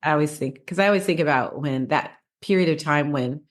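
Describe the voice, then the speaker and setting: A woman with a notably low voice co-hosts a relaxed podcast. She tells stories in a chatty, rambling way, often restarting her sentences and laughing along. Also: a little fast. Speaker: podcast co-host. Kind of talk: casual podcast chat.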